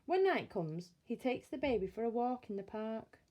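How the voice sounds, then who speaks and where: A woman reading a bedtime story aloud in a slow, expressive storytelling manner. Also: on the high side.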